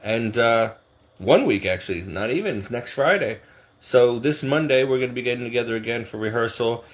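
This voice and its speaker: A man's voice: medium pitch, animated, brisk. A middle-aged man chatting casually to camera, rambling and self-deprecating, often laughing at himself. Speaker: vlogger.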